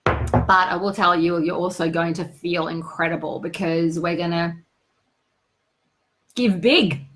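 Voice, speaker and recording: A woman's voice: lowish voice, steady tone, measured pace, background noise. A woman hosting a live stream as a business coach, greeting viewers by name and giving effusive motivational talk.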